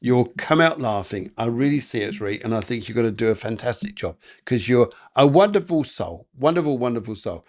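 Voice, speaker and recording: A man's voice: medium pitch, animated, brisk, few pauses, darkish tone. A man doing live psychic readings for chat viewers, chatty and encouraging, with lots of fillers and restarts.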